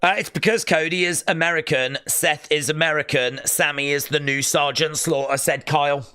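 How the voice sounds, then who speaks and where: A man with a fairly high, bright and forceful voice gives running commentary on a live stream. He reacts excitably to each moment and reads chat messages aloud between his own remarks. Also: normal speed, clean tone. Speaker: livestream host.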